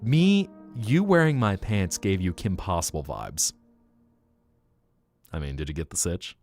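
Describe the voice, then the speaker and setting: A man chatting casually on a live stream, playful and animated, swearing and laughing often. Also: deep voice, unhurried, soft background music. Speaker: VTuber streamer.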